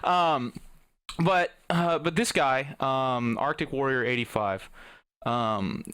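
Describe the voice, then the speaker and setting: A man's voice: medium pitch, slow, fairly bright tone, clear, resonant tone, dry recording. Rambling, profane young man ranting at his desk. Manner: profane, rambling, earnest, lots of fillers and restarts. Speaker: YouTuber host. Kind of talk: casual rant to camera.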